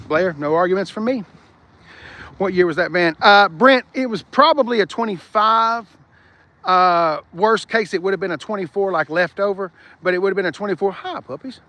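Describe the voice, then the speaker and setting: Man, high voice, casual and cussing, reads chat, outdoor phone stream. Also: bright, forceful tone. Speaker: car vlogger. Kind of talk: live-stream walkaround chat. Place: car dealership lot outdoors.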